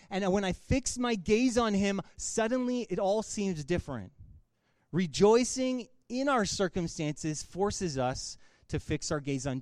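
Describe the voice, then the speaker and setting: A male pastor in his thirties gives a sermon in a loose, conversational way, full of asides and little laughs. His voice sits high for a man. The sound is dry and close, with no room around it. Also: a little mellow, dry recording. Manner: casual, conversational preaching with filler words and laughter.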